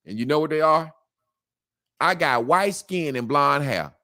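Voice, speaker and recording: A man's voice: fairly high pitch, animated, measured pace, pushed and bright. A man as an interview guest, talking in a casual, emphatic way with slang and repetition.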